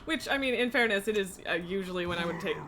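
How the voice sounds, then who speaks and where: A woman live streamer chatting casually while gaming, self-mocking and laughing often, her throat irritated so she keeps clearing it. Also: medium pitch, lively intonation, fast talker, noisy background.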